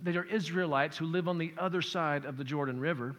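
A man's voice: fairly high pitch, brisk, fairly bright tone. A man preaching a sermon as pastor, shifting his emphasis and acting out quotes as he explains a passage. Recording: long hall reverb.

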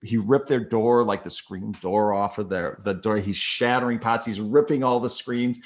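A man's voice: fairly low pitch, moderate pace. A middle-aged man candidly telling a personal story to a listener, acting out the people in it. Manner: animated, acts out voices of people in the story; candid and self-deprecating, with laughs. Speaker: storyteller guest. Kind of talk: personal anecdote told to a listener.

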